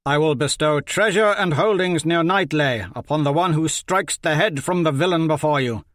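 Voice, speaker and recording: Guy putting on a mean arrogant lord, loud and bossy, higher than his normal voice. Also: normal speed, dry recording, studio quality, lightly acted. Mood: scornful. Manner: scornful, loud and commanding. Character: arrogant cruel male lord.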